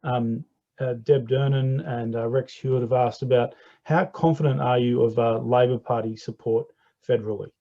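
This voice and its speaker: Male forum host, hesitant and friendly, mellow voice, muffled call sound. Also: medium pitch, steady tone, moderate pace. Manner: hesitant, many fillers, friendly. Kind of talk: hosting an online forum. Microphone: video call. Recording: dull lo-fi video call audio.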